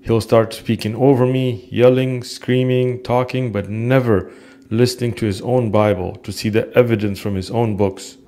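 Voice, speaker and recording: A man giving calm, explanatory voice-over commentary on a street encounter. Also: mid-range voice, normal speed. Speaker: narrator.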